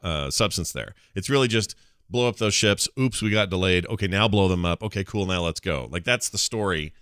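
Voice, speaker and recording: A man's voice: low voice, fairly quick, fairly bright tone, clear, resonant tone, no room sound, clean studio sound. A man hosting a casual podcast. He rambles through a recap, fumbles names and laughs often. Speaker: podcast host.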